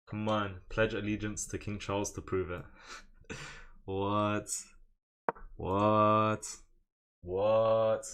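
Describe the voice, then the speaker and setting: A young man streaming chess live, chatting with viewers in a fairly low voice. He jokes, brags and answers chat questions as he plays. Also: a bit bright. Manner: joking, boastful, reads out chat.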